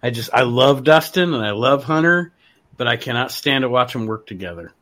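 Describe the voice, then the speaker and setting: A man's voice: medium pitch, animated, brisk, fairly bright tone. A man on a casual podcast panel, stumbling over restarts as he makes his point.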